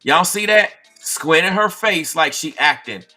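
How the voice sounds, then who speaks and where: A man's voice: a little high, animated, a little slow, sharp tone, soft background music. A man hosting a live-stream commentary, talking straight to viewers and reading chat, with an emphatic, repetitive, preachy delivery. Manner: conversational, addresses viewers directly. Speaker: commentary channel host.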